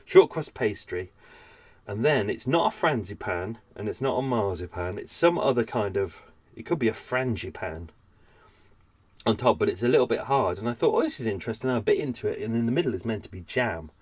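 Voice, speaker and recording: Husky and on the low side, this podcast host's voice carries lively intonation at a normal speed in a dry recording. Speaking from his boat, he sounds tired and slightly winded, rambling in a chatty, unscripted, self-deprecating way.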